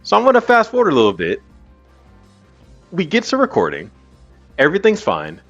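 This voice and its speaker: A man hosting a podcast, telling a story in an animated, casual way and swearing freely. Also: high-pitched, brisk. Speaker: podcast host. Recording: muffled with faint music.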